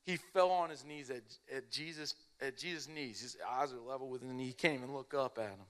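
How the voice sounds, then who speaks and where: A young man preaching a casual, animated sermon, telling stories in an everyday way. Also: medium pitch, brisk, smooth. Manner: animated, casual storytelling with lots of "like".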